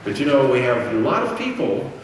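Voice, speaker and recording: A middle-aged man giving a Christian apologetics lecture at a conference, teaching in a steady way and asking rhetorical questions he then answers himself. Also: mid-range voice, a little fast, slight background noise. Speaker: conference speaker. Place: conference hall. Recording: very echoey hall, distant mic, faint ambience.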